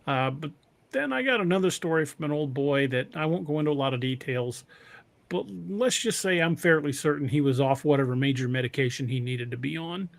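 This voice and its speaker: Man, podcast host, casual chat, halting delivery, slightly high pitch, dry mic. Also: lively intonation, gravelly, dry recording. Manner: halting, stammers and restarts often.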